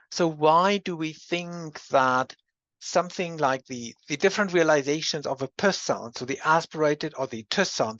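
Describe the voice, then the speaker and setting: A university lecturer giving a measured academic lecture, explaining examples step by step. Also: medium pitch, no room sound. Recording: dull lo-fi lecture recording.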